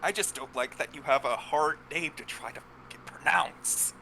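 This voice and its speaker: A man's voice: on the high side, normal speed, vocal fry, bright, forceful tone, slight background noise, low-quality recording. A young man hosting a casual game playthrough with friends, rambling and joking with the odd swear. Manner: rambling, jokey, swears freely. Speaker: let's play host. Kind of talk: casual chat over gameplay.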